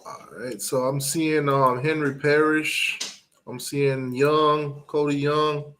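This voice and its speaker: A man hosting a casual sports talk live stream, relaxed and musing, with lots of ums as he reads out picks from the chat. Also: fairly high pitch, slow, slight background noise.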